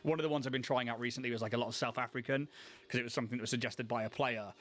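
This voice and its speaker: A man's voice: mid-range voice, fairly even intonation, rapid-fire, fairly bright tone. A man co-hosting, chatting casually and rambling with enthusiasm while painting miniatures. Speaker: co-host.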